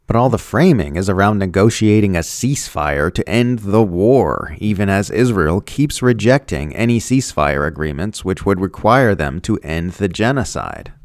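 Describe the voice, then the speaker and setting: A man with a deep, gravelly voice reads a scripted commentary. His delivery is sardonic and lively in pitch, and he slips into mocking tones for the figures he quotes. The recording is close and dry. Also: dry recording.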